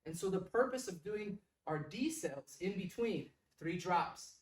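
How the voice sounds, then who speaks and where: A pitching coach explaining drills in an instructional way, stressing key words with emphasis. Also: animated, unhurried. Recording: echoey room, mic at a distance.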